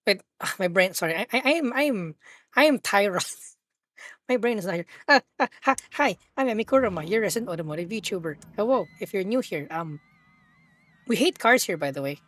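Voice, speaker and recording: A young woman streaming a driving game, excitable and swearing, laughing and talking to her chat. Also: medium pitch, fairly quick, no echo, studio quality. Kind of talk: casual live-stream chat while gaming.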